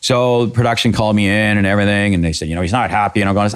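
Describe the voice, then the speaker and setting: A man's voice: fairly low pitch, rapid-fire, few pauses, clear, resonant tone. A middle-aged man from Canada, a podcast guest, telling blunt, profane backstage stories in a casual way. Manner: blunt, profane, animated anecdotes. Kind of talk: casual storytelling.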